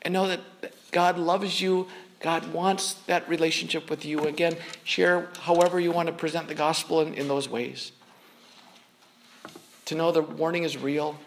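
A man with a notably high speaking voice delivers a sermon from the pulpit. He preaches in an earnest, conversational manner, often doubling back on words mid-sentence. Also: flat delivery, moderate pace, gravelly, a little hiss or hum. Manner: earnest, conversational preaching with frequent word repeats. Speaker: pastor.

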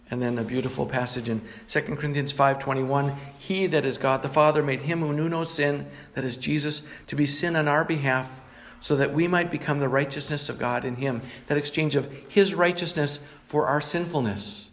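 A middle-aged male pastor preaching in a plain teaching tone. His voice sits a little high for a man. He reads scripture aloud and explains it to the congregation. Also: steady tone, moderate pace. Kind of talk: sermon.

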